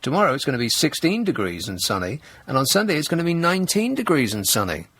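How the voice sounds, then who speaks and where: A man's voice: a little high, big pitch swings, fast talker, a bit bright, breathy edge. A man hosting a talk radio show in a studio, reading the news with sarcastic, mock-outraged asides. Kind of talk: comedic talk radio monologue. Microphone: studio microphone.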